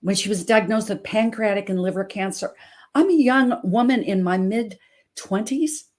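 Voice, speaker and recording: A woman's voice: medium pitch, moderate pace. A woman in her sixties from Montana, hosting an inspirational talk show as a health coach, emphatic and preacherly as she tells stories. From Montana, USA. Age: 60s. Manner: emphatic, preacherly, animated storytelling.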